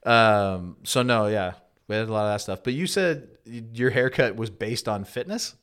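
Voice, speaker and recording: A man's voice: fairly low pitch, moderate pace, clear, resonant tone. A man in his thirties hosting a podcast, telling a story in casual chat and acting out the voices in it. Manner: animated storyteller, acts out quoted voices. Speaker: podcast host.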